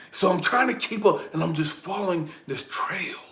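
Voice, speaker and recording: A man giving an emotional personal testimony, dropping to hushed whispers and then breaking into shouted outbursts as he talks straight to the viewer. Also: high-pitched, animated, moderate pace, hardly any pauses, slight background noise. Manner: addresses the viewer directly, urging them to stay with him. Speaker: spiritual channel host.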